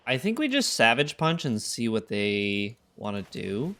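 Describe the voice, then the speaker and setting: Man, tired, casual gameplay commentary, gravelly voice, mid-range pitch, wry and laid-back. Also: sing-song, unhurried, bright, forceful tone. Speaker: gaming content creator.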